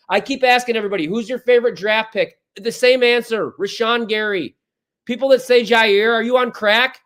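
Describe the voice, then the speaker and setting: A man's voice: very high-pitched, brisk, a bit bright. A man co-hosting sports talk radio, ranting in a fired-up, exasperated way. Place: radio studio.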